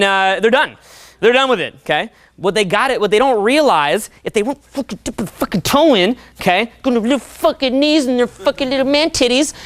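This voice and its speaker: A young man coaching a seminar audience in a profane, animated way, often acting out voices. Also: high voice, clean tone, no echo. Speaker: dating coach. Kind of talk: seminar talk.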